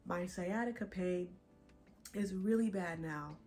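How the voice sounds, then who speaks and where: A young woman vlogger chatting casually to her viewers, a bit out of breath and animated. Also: on the low side, slow pace, faint music behind. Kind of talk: casual chat to camera.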